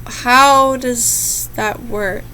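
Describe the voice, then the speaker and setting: A woman's voice: on the high side, steady tone, drawn-out words, bright, forceful tone, slight background noise. Chatty young woman reacting to spooky stories. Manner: chatty, easily spooked, rambling asides. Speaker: channel host reading scary stories. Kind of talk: casual reaction commentary.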